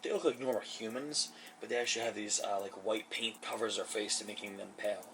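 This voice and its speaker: A man's voice: on the low side, steady tone, fairly quick, a bit bright, slight background noise. A man narrating a tabletop game as game master, rambling with many fillers and laughing often. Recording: far from the mic, music behind.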